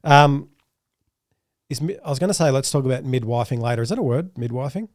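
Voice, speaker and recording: A man's voice: mid-range voice, expressive, a little fast, a little mellow. A man hosting a podcast, chatting casually and joking with his guest. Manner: chatty, jokey. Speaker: podcast host. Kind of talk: casual chat.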